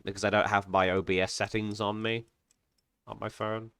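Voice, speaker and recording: A man hosting a casual podcast, easygoing and quick to agree with his co-host. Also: fairly low pitch, level tone, a bit bright, clean tone, dry recording, clean studio sound. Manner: easygoing, brief agreeing replies. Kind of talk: casual chat.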